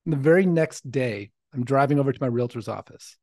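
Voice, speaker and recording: A man in his forties hosts his own podcast and tells a personal story, earnest and reflective. His voice sits at an ordinary middle pitch for a man. The recording is dry and close, with no room echo. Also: animated, fairly quick, a little mellow. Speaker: podcast host.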